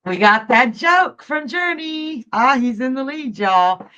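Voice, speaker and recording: A woman's voice: high voice, animated, slow, pushed and bright. A middle-aged woman giving psychic readings on a live stream, chatty and jokey, laughing often. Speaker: psychic reader. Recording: dull lo-fi stream audio.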